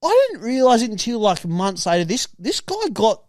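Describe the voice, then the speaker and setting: A young Australian man tells party stories on a podcast with a high, springy voice. His pitch leaps around as he laughs and swears his way through each anecdote. The sound is close and dry. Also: normal speed, no echo. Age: young adult. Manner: animated, laughs a lot, swears freely. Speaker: podcast co-host. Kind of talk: casual storytelling chat.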